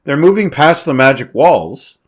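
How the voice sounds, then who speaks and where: A man's voice: on the high side, sing-song, moderate pace, husky. A man from Canada co-hosting a movie podcast, chatting casually with jokey sarcastic asides. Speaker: podcast co-host. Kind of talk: casual movie review chat.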